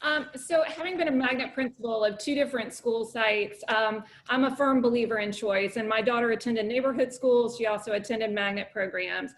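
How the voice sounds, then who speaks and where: Confident, fairly high-voiced middle-aged woman. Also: a little hiss or hum. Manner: confident, assured, measured. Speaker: school board candidate, former educator. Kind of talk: candidate forum answer.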